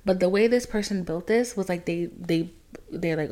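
A woman's voice: lowish voice, moderate pace. Dramatic young woman podcaster. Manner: dramatic, swinging between loud outbursts and hushed whispers; swears freely. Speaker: podcast host. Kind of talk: casual storytelling monologue.

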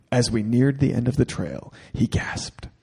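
A man's voice: mid-range voice, animated, slow, creaky, warm tone, breathy edge. A man co-hosting a podcast, reading a listener's email aloud with crude jokes and asides. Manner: jokey, crude asides, gets teary. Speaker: podcast co-host.

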